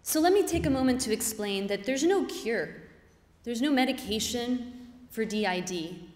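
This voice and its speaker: A woman's voice: on the high side, expressive, normal speed, a little mellow. A woman giving an earnest, reflective personal story on stage before a live audience. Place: stage in a hall. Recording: reverberant hall.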